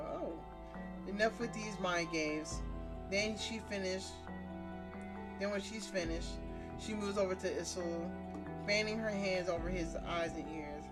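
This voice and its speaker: A woman's voice: on the low side, a little slow, long pauses. A woman streamer reading a story game aloud, breaking her dramatic narration with blunt, profane reactions. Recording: music playing behind.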